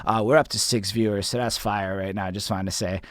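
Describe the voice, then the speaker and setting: A man, hosting a livestreamed interview in an excited, rambling way with plenty of swearing. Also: on the low side, quick pace, no room sound. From Montreal, Canada. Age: 30s. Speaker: host.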